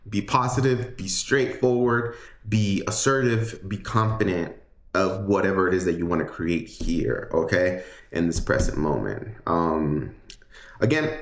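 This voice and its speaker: Male tarot reader, deep voice, loose rambling delivery, echoey room sound. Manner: chatty, rambling, many fillers and restarts. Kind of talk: casual livestream tarot reading.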